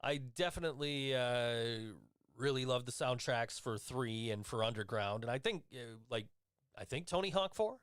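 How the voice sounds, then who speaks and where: Dude hosting a radio show, dry close mic, lots of uhs. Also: male voice, mid-range voice, expressive, moderate pace, fairly bright tone, smooth, no echo. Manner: easygoing, hesitant with many fillers. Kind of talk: casual radio chat. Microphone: studio mic.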